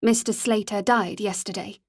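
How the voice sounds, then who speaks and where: A woman's voice: mid-range voice, fairly even intonation, normal speed, lightly acted. A woman reading the lines of a frightened eighteen-year-old young woman who answers carefully with a slight tremble. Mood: wary.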